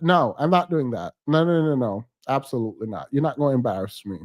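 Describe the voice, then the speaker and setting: A man's voice: on the high side, lively intonation, normal speed, hardly any pauses. A man giving blunt, emphatic reaction commentary on a podcast clip as a streamer.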